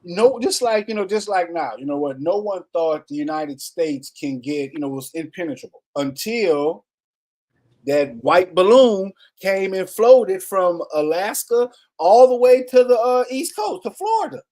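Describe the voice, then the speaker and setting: A man's voice: sits high, lively intonation, unhurried, a little mellow. A man with a New Orleans accent co-hosting a casual podcast, hyped and chatty, leaning on "you know". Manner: hyped, repeats greetings, drawls "you know". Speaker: podcast co-host.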